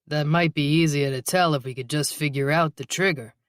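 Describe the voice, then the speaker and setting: A man's voice: on the high side, fairly even intonation, brisk, fairly bright tone, no echo, natural voice. A man voicing a teasing, easygoing male police detective partner in an audiobook, with dry humor.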